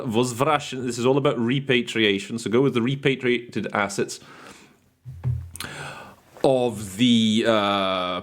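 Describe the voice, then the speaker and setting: A man talks students through interpreting choices in a loose, chatty way, often restarting and filling pauses with "uh". His voice sits at an everyday middle pitch. He drifts into short anecdotes as he goes. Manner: thinks aloud with frequent restarts and fillers. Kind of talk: casual teaching talk.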